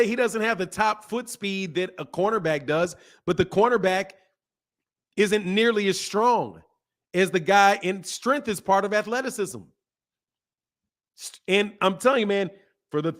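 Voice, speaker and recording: A man hosting a boxing channel, talking casually and with energy, repeating phrases and using slang. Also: sits high. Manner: animated, repeats himself, laughs, slangy.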